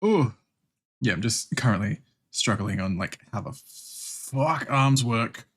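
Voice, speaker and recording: Australian male streamer, relaxed and sweary, pitch bouncing around a lot, mid-range voice. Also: slow pace. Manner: laid-back, swears freely, laughs often. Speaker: art streamer. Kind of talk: casual chat with viewers while drawing.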